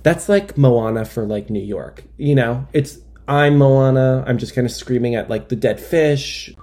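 A man's voice: mid-range voice, animated, normal speed, warm tone. A young man telling a comic monologue in a rambling, self-deprecating way with wry asides. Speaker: comedian. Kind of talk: stand-up style comic monologue.

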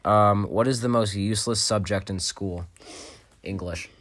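Young male co-host, low voice, rambling slangy chat, loose and jokey. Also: fairly even intonation, measured pace, fairly bright tone. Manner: rambling, laughs often, says "bro" and "like". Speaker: podcast co-host. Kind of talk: casual chat.

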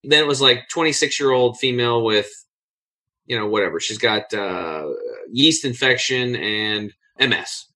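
A man with a bright, forceful tone, a podcast guest spinning a lively personal story. He talks casually and bluntly, swears now and then, and jumps up in pitch to act out what other people said. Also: normal speed. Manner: acts out others' lines in a raised voice. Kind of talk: animated storytelling in a conversation.

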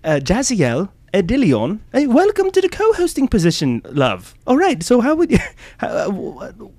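A man voicing a pompous upper-class English gentleman host in a mock English accent, rambling and hammy. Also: high voice, huge pitch swings, moderate pace, no echo, pitched above the performer's own voice, full character voice.

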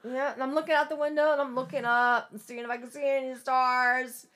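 Casual co-host, woman; high, bright voice, lively, laughing storyteller. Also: fairly quick. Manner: animated storytelling, laughing, acting out her reactions. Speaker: podcast co-host discussing audiobooks. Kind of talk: casual chat.

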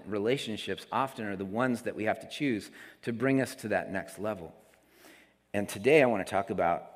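A man preaching a sermon as pastor of his church, talking casually with the congregation. He drops into soft asides and then rises on emphatic statements. His voice rings with the long reverb of the sanctuary. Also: fairly low pitch. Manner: conversational preaching, swings between soft asides and emphatic lines.

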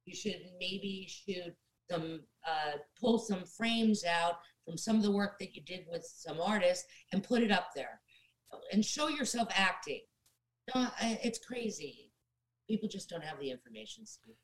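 A middle-aged actress talking casually as an interview guest, giving direct career advice and speaking straight to listeners as "guys". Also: female voice, medium pitch, animated, unhurried, poor audio.

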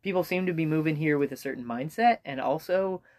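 A man's voice: a little high, fairly quick, a little mellow. A man hosting a podcast in a casual, joking, rambling chat full of fillers. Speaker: podcast host.

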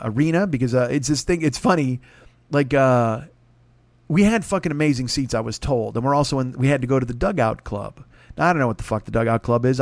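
A man's voice: mid-range voice, dry recording. A man hosting a podcast, telling a rambling, profane comic story. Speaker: podcast host. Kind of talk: comedic storytelling.

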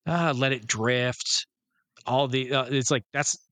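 A Canadian man co-hosts a film podcast, chatting casually in a medium-pitched, slightly bright voice at a slow pace. He rambles and swears, often trailing off mid-thought, and the recording has no echo.

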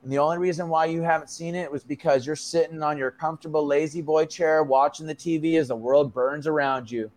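A man's voice: fairly high pitch, steady tone, a little fast, few pauses, a little mellow, close to an everyday voice. A man voicing a male mushroom spirit that lectures in casual slang and swears bluntly. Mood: urging. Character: laid-back preachy male mushroom spirit.

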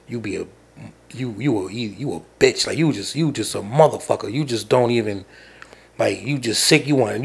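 A man's voice: medium pitch, husky. A man hosting a podcast, telling a rambling, profane story. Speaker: podcast host. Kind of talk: casual rant.

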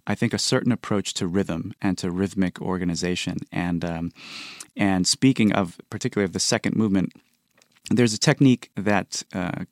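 A man's voice: low voice, moderate pace, dry recording, clean studio sound. Man explaining music thoughtfully. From United States. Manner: thoughtful, counts beats and hums rhythms aloud. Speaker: composer guest. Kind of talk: explanatory interview talk.

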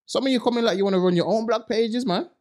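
A man's voice: fast talker, darkish tone. A man ranting bluntly in a casual podcast chat, full of street slang. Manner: mocks others in high put-on voices. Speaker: podcast co-host.

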